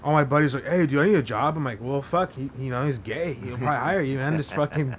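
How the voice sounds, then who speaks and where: A man's voice: medium pitch, fast talker, a little hiss or hum. A young man hosting a podcast, telling crude, profane stories in casual chat. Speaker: podcast host.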